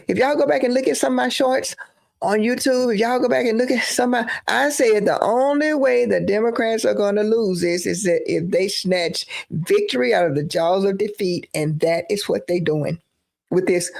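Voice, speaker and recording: A woman's voice: medium pitch, normal speed, vocal fry, a little mellow. A woman giving emphatic live-stream political commentary, repeating phrases for emphasis.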